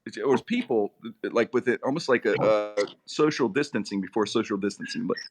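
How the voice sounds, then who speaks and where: Man, middle-aged, creaky gravelly voice, animated comic storytelling, radio guest. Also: brisk, a crowd in the background. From Pittsburgh area, USA. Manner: lively, comic, with big swings in pitch. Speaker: radio personality and podcast host, guest.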